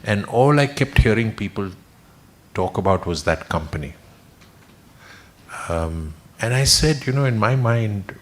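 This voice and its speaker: A man with a fairly low voice tells stories from his career in a relaxed, self-deprecating manner. He speaks plainly and takes his time, with a dry touch of humor. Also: unhurried, pauses often. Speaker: senior executive honored at a farewell. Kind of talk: reminiscing speech. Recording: online webinar audio.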